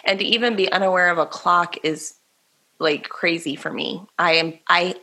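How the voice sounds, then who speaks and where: A woman's voice: on the low side, steady tone, normal speed, sharp tone. A woman co-hosting a faith podcast, telling a personal story earnestly in a casual, self-deprecating way. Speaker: podcast co-host.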